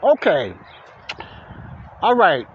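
A man from Chicago hosts a casual Christian podcast in a loose, repetitive, informal way. He speaks into a smartphone held close while standing outdoors. The sound is dull and lo-fi, with loud wind throughout. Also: high-pitched, wildly swooping pitch, extremely slow. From Chicago, USA. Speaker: podcast host.

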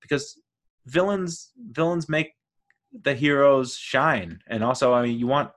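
A man's voice: medium pitch, unhurried. A man hosting a solo podcast, talking through his thoughts in an enthusiastic, rambling way. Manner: enthusiastic, rambling, lively storytelling. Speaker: podcast host.

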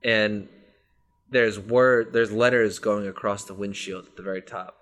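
A man's voice: on the low side, unhurried. A man in casual podcast chat, telling stories with energy and swearing freely. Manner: animated storyteller, swears freely.

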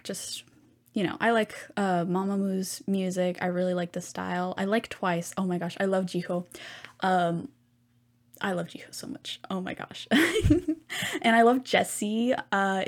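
A young woman hosting a solo podcast, chatting casually and rambling with lots of ums and side comments. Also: fairly low pitch. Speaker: podcast host.

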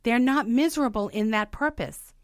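A woman's voice: on the high side, normal speed, dry recording, clean studio sound. A woman chatting casually on a talk show, going through points from a list and adding her own stories.

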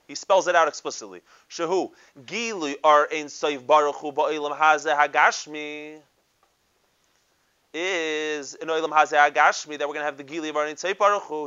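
A rabbi gives a Torah lecture in a bright, slightly high voice. He peppers his with Hebrew and Yiddish terms and keeps checking in with rhetorical questions. The recording sounds a bit dull and lo-fi. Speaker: rabbi teaching a class.

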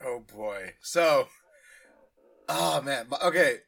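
Kentucky guy on a podcast, bright voice that jumps all over, jokey and self-deprecating. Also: mid-range voice, lively intonation, takes it slowly, vocal fry. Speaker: podcast co-host. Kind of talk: casual chat.

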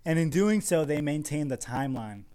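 A young man co-hosting a comedy podcast, rambling through a film pitch with many fillers and laughs. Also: animated, brisk, mellow. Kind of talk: casual improvised comedy chat.

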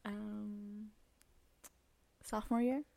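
A woman's voice: medium pitch, level tone, drawn-out words, vocal fry, mellow. A young woman co-hosting a podcast, telling personal stories in casual chat, full of "like" and "um". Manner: chatty storytelling, lots of "like" and "um". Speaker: podcast co-host.

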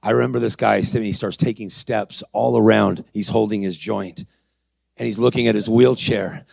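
A man's voice: on the low side, steady tone, normal speed, vocal fry, darkish tone, breathy edge, no room sound. A man preaching a sermon, acting out dialogue in his story and calling out to the congregation. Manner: acts out dialogue, calls to the crowd.

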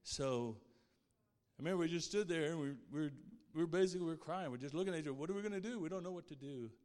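A man's voice: fairly high pitch, racing, a little mellow, big-room sound. A man sharing a personal faith testimony in an earnest, heartfelt way. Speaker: guest speaker sharing his testimony.

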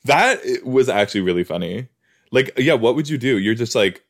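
A man casually reacting to a TV episode as a podcast host, rambling and excitable, often cutting himself off mid-thought. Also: mid-range voice, moderate pace. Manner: rambling, excitable, self-interrupting.

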